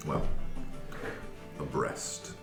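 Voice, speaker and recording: A man playing a tabletop game, talking in a lively, joking way. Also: extremely slow. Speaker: player. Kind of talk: casual tabletop game chat. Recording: echoey room with music behind.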